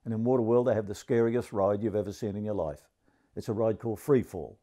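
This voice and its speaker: A man in his seventies with an Australian accent, telling a crude, grumpy stand-up comedy story in a deadpan way. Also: on the low side, brisk. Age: 70s.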